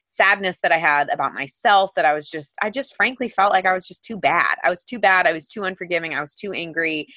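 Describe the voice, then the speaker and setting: A woman guest on an interview show, recounting a personal story with earnest emotion and plenty of "like"s. Her voice sits a bit low yet sounds bright and forceful. The recording is close and dry. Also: a little fast, few pauses, no echo. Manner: earnest, emotional, heavy use of "like". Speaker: podcast guest, author.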